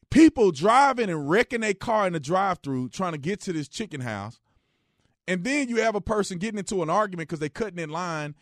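A man hosting a radio talk show, giving casual joking opinion commentary, jumping between loud outbursts and low, quiet asides. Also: no echo, clean studio sound.

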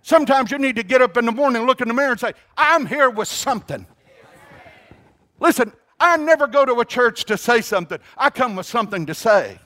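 A man preaching a sermon in a notably high voice. He is emphatic, stretching out key words and calling on listeners to say phrases back. He often restarts his sentences mid-thought. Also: lively intonation, bright, forceful tone. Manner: emphatic, calls congregation to repeat phrases; halting restarts, drawn-out emphasis. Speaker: pastor.

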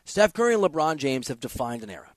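A man's voice: medium pitch, big pitch swings, fast, dry recording. A man hosting a sports talk show, giving an emphatic, opinionated monologue with offhand asides.

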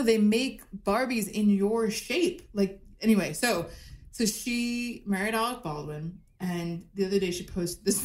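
Chatty woman telling stories in an echoey room. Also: fairly low pitch. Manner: animated, chatty storytelling with many fillers. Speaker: podcast guest. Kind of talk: casual comedic chat over video call. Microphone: video call.

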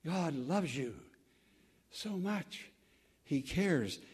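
A man preaching a sermon as pastor, earnest, swelling loud and then dropping to a hush, with halting restarts. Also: mid-range voice, husky.

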